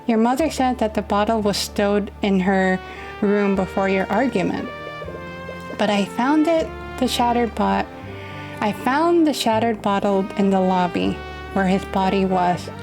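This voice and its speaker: A woman reading the lines of a calm male attorney in a game in her own slow, steady voice. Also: mid-range voice, over music, natural voice. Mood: earnest.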